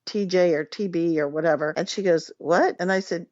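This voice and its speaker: Woman, lowish voice, chatty storyteller, laughs a lot, dull dry radio sound. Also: fairly quick, a little mellow, no room sound. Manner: chatty, laughs often, acts out clients' voices. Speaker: psychic guest. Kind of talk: casual radio interview storytelling.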